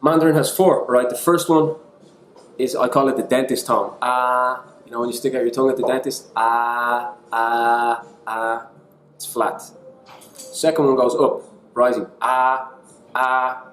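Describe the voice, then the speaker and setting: A man's voice: medium pitch, a little fast, slight background noise. An Irish man giving a casual teaching talk, chatty and self-deprecating, mixing in bits of other languages. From Ireland. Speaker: online English teacher. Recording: echoey room.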